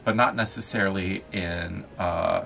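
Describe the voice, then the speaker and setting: A man co-hosting a casual book podcast, enthusiastic and quick to laugh. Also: low-pitched, steady tone, gravelly, a bit bright, soft background music. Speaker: podcast co-host, bookseller. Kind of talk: casual chat.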